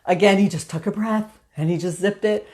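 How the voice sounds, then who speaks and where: A woman's voice: medium pitch, fairly even intonation, a little fast, darkish tone. A woman hosting a motivational live stream, telling a story in a chatty way with filler words. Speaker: host.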